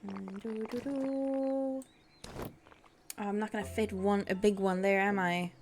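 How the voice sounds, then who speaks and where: A young woman streams a building game, chatting casually and giggling bubbly as she narrates her own actions aloud. Her medium-pitched voice is flat in delivery, a little fast and creaky. Background noise and background music can be heard.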